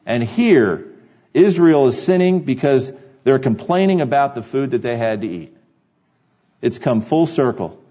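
A man's voice: a little high, warm tone, muffled recording. A man preaching a sermon to his congregation, earnest and repeating key phrases for emphasis. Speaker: pastor. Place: church sanctuary.

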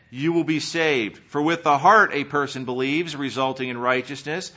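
Bright-voiced preaching man, lo-fi. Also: medium pitch, normal speed, hardly any pauses. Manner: earnest preaching, rising emphatic on scripture, dropping soft on questions. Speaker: pastor. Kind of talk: sermon. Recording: dull lo-fi sermon recording.

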